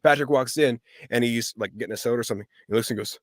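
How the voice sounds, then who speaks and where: A man, a voice actor guest on a live-stream interview, telling stories in a relaxed way and laughing easily. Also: mid-range voice, rapid-fire, dry recording, studio quality.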